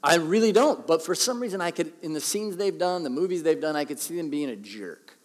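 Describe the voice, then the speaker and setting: A middle-aged man preaches in a relaxed, joking way, with a fairly high voice for a man. His voice rings out with a long reverb, as in a large church hall. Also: brisk. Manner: conversational, joking, animated. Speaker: pastor. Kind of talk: sermon.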